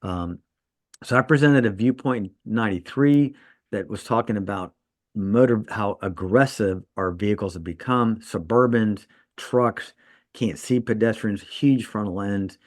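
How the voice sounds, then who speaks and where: A man's voice: fairly low pitch, measured pace, no echo, studio quality. A man co-hosting a podcast, a trauma surgeon telling stories in casual chat and laughing at his own jokes.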